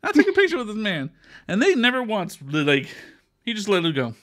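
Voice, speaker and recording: A man's voice: high voice, huge pitch swings, a little fast, fairly bright tone, dry recording, studio quality. A man from Texas co-hosting a podcast, telling a story in casual chat, swearing freely and acting out quoted voices. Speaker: podcast co-host.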